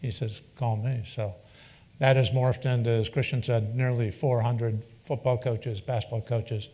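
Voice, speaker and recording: A man's voice: mid-range voice, measured pace. Man telling a folksy story to an audience. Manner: folksy, animated, acts out quoted dialogue. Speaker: keynote speaker. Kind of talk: anecdotal storytelling speech. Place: event venue before an audience.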